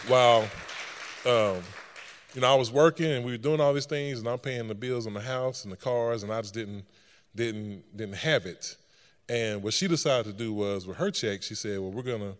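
Lively middle-aged man with a low voice. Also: big-room sound. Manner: lively storyteller, laughs often. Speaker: school superintendent. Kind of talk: speech to an audience on stage.

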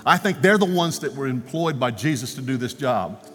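Male preacher, storytelling sermon, animated, acts out quotes, church hall echo, faint music. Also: mid-range voice, moderate pace. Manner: animated storyteller, acting out quotes, ending in prayer. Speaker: guest speaker. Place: church sanctuary. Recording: long reverb, music faintly behind.

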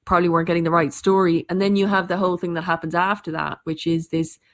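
An Irish woman who tells stories, chatting casually in quick, animated bursts with frequent restarts. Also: on the low side. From Ireland. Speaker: storyteller. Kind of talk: casual conversation.

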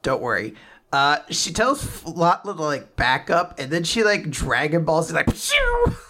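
A podcast co-host casually recapping a manga chapter, rambling with quick asides and laughter. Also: medium pitch, animated, pushed and bright.

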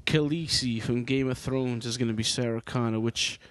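A man's voice: mid-range voice, fairly even intonation, normal speed, no room sound, studio quality. A man co-hosting a podcast in casual chat, teasing and chiming in with short remarks. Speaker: podcast co-host.

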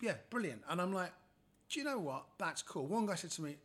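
Husky-voiced man telling stories. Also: high-pitched, brisk. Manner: lively storyteller acting out quoted people. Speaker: comedian guest. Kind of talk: casual anecdotal chat.

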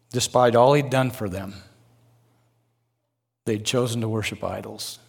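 A man's voice: medium pitch, moderate pace, vocal fry, long pauses, breathy edge. An older man preaching a sermon as a guest speaker, earnest, with folksy personal asides and rising emphasis.

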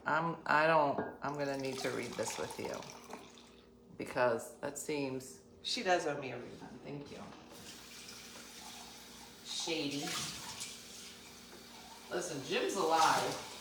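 A woman's voice: deep voice, slow, long pauses. A woman in her fifties chatting casually and jokingly to her viewers at home, often laughing. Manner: chatty and jokey, with frequent laughs. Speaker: vlogger. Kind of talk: casual morning chat to viewers. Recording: echoey room with clear background noise.

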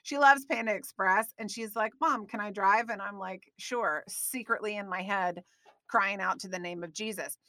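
A middle-aged woman from Texas hosting her own show, telling a comic story in an animated way and ending with a short devotional. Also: mid-range voice, normal speed, dry recording. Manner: animated, breaks into comic screams. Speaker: host. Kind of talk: casual storytelling with a devotional close.

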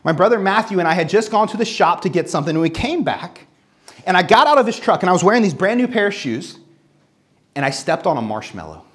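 A pastor in their thirties delivers an earnest sermon at a mid-range pitch. The voice rises and falls a lot, and they repeat words for emphasis while reading scripture aloud between personal stories. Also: big pitch swings, quick pace.

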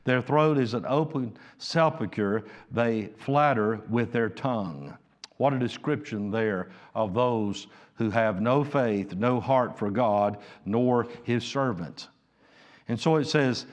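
A man preaching a measured evening sermon as pastor, reading scripture aloud. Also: mid-range voice.

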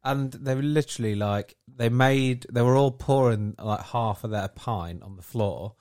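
A man chiming in on a casual podcast with a loose, filler-packed account. He talks at an ordinary male pitch. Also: measured pace, a little mellow. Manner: loose, filler-heavy storytelling. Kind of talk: casual chat.

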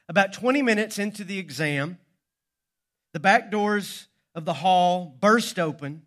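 A man's voice: high voice, fairly bright tone. A male pastor preaching a sermon, telling a story with dramatic pacing.

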